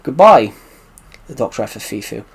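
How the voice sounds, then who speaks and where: With a medium-pitched, sing-song voice that's creaky with a breathy edge, this UK livestreamer talks at normal speed. He rambles through viewers' questions in a casual way, looping back to say things again.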